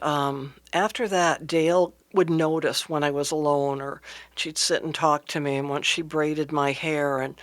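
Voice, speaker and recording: Woman, radio interview guest, earnest, halting, personal storytelling, close studio mic. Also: low voice, fairly bright tone.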